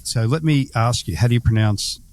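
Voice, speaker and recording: A man's voice: mid-range voice, a little fast, crowd noise. An Australian man hosting a casual travel conversation, telling easygoing, rambling stories with plenty of fillers. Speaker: host.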